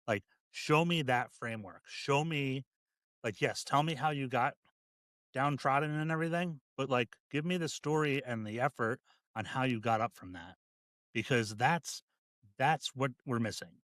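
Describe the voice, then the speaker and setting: A man who is a deputy fire chief, a guest on a podcast, speaking in a halting, reflective way with many restarts. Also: mid-range voice, fairly bright tone, no echo, studio quality. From United States. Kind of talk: casual podcast conversation.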